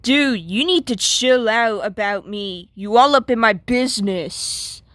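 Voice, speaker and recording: A woman's voice: a little high, measured pace, a bit bright, no room sound. A woman voicing an exasperated young female washing machine girlfriend in a comic strip, sassy and fed up.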